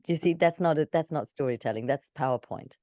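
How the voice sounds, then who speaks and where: A woman storytelling coach in a live session, demonstrating and explaining with an expressive delivery. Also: sits low, a little fast, no room sound, clean studio sound. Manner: expressive, shifting between demonstration and instruction.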